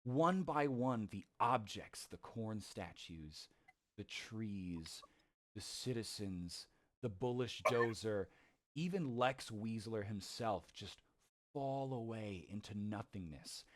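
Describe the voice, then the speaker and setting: A man's voice: on the low side, lively intonation, slow. A man narrating a tabletop game as game master, playful and often laughing. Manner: playful, laughing, with frequent restarts.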